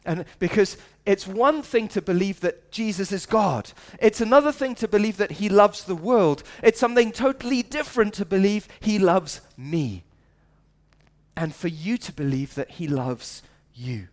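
Earnest pastor preaching a conversational sermon. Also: male voice, high voice, expressive, moderate pace. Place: church service at a school.

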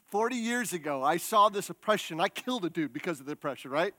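A man preaching a sermon in a lively, humorous storytelling way with quick restarts. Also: high voice, no room sound, clean studio sound.

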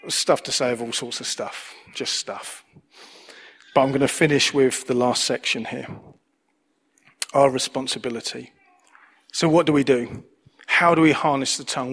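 A man's voice: medium pitch, a bit bright. A man preaching a sermon as pastor, earnest, repeating key phrases for emphasis.

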